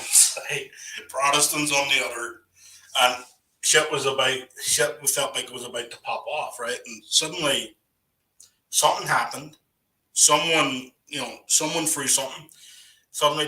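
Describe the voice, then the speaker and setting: A rambling man spinning stories in a loose, casual chat, his voice bright and sharp-edged. He sits back from the mic, so he sounds distant in a roomy, echoing space. His sentences loop back on themselves, full of "you know" and "right". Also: mid-range voice. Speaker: guest storyteller on a live voice chat.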